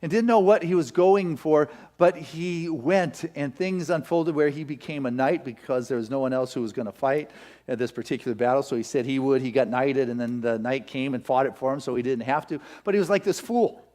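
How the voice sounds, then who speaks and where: A male minister preaching a sermon, retelling a legend as a story and firing off rapid rhetorical questions. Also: mid-range voice, darkish tone.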